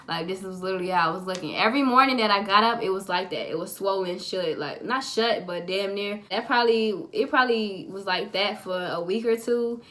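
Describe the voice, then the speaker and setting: A woman's voice: medium pitch, a little fast, hardly any pauses, a bit bright. A young woman vlogger telling a personal story to camera in a chatty, profane, dramatic way.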